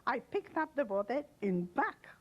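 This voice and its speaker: An older woman from Poland giving an oral history testimony, speaking in halting, emotional English with broken non-native grammar. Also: fairly high pitch, big pitch swings, muffled recording. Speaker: interviewee.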